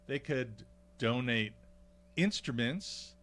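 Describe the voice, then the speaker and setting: A man's voice: medium pitch, expressive, takes it slowly, fairly bright tone. Rambling, hesitant male radio host. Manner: rambling, hesitant with many fillers. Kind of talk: casual radio chat. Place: radio studio.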